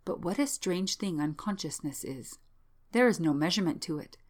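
Shaken, excitable young man , read by a woman; low voice, fretful storybook scholar. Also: normal speed. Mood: agitated.

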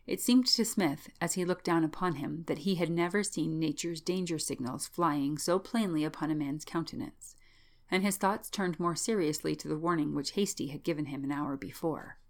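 Woman narrator, low voice, measured storytelling. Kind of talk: scripted narration.

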